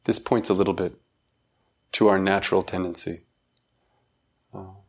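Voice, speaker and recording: A middle-aged man giving a reflective talk, thoughtful and halting, with self-deprecating laughs. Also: low voice, level tone, breathy edge. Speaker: dharma talk speaker.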